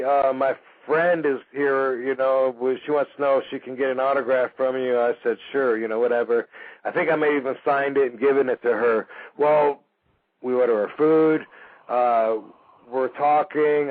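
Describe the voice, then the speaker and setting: Medium in pitch and normal in speed, this radio host from Michigan delivers a casual, animated story, voicing the characters and relying heavily on fillers. The audio sounds narrow-band and phone-like, as on the radio.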